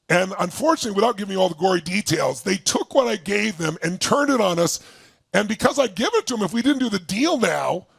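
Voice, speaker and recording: A man with a raspy, gravelly voice telling a story to a live audience as a motivational speaker. He is emphatic and acts out quoted lines. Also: no room sound. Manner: emphatic, acts out quotes with big swings in pitch.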